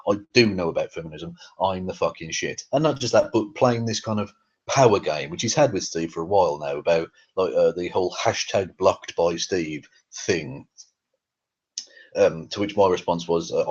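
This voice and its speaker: A husky man delivering a profane, irritated commentary, full of fillers and restarts. His voice sits low, and the recording is dull and lo-fi, like a cheap home mic. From England. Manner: angry, sweary, with many fillers. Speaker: YouTube commentator. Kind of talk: ranting commentary on a feud.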